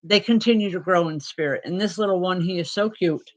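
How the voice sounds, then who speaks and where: A woman with a lowish voice does live-stream spirit readings as a medium. She speaks in a calm, reassuring way, stopping to pause and using fillers, and the recording is low quality.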